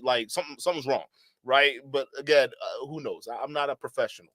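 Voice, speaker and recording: A man's voice: mid-range voice, fast talker, sharp tone, no echo. A man hosting a reaction stream, talking casually and with exasperation, often stammering and restarting. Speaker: commentary channel host. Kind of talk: reaction commentary.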